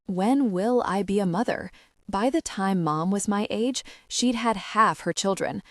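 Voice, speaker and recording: A woman reading an audiobook in first-person narration, reflective and even. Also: mid-range voice, measured pace, no room sound, clean studio sound.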